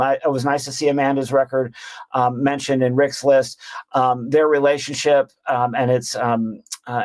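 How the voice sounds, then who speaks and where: Guy gushing about his fave records, lots of ums and uhs, mid-range voice. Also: mid-range voice. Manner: rambling, enthusiastic, many fillers and restarts. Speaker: panelist ranking albums. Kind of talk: casual roundtable chat.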